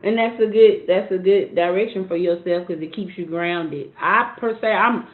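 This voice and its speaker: A woman's voice: on the low side, normal speed. A woman speaking earnestly and frankly in candid casual talk, often restarting her sentences. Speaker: livestream guest sharing her grief. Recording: tinny phone-like line.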